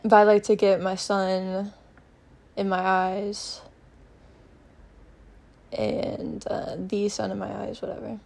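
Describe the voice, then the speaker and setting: A woman's voice: medium pitch, flat delivery, slow, gravelly, long pauses, darkish tone, slight background noise. A young woman hosting a podcast, chatting in a meandering way and thinking aloud, with lots of fillers, from a bedroom at her mother's house. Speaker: podcast host. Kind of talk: rambling solo podcast chat.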